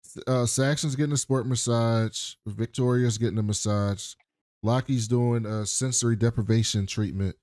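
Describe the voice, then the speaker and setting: A man's voice: mid-range voice, steady tone, normal speed, darkish tone, dry recording, studio quality. A man co-hosting a podcast, retelling scenes in casual chat, swearing freely and acting out quotes. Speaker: podcast co-host.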